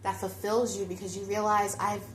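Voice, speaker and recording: In an echoey space with a slight background hiss or hum, a woman does a pick-a-card tarot reading. Her voice is mid-pitched and her speed ordinary, and she muses aloud while chatting directly with whoever is watching.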